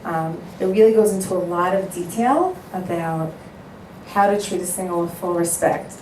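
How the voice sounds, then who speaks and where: A woman's voice: on the low side, moderate pace. Woman matchmaker, earnest speech, acts out dialogue, roomy echo, mic a bit distant, faint noise. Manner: earnest, animated storytelling, acting out both sides of phone calls. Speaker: matchmaker giving a talk. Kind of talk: speech to an audience. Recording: echoey room, voice a bit far from the mic, faint background noise.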